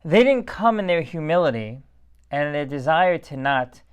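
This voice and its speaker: A man's voice: a little high, very animated, normal speed, smooth. A tired man giving a casual, rambling Torah talk as a rabbi, in a conversational and digressive way.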